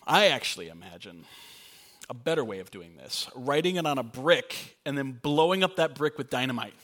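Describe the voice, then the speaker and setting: A man's voice: mid-range voice, lively intonation, moderate pace, fairly bright tone. A young adult man preaching a sermon as pastor, earnest and conversational with playful asides.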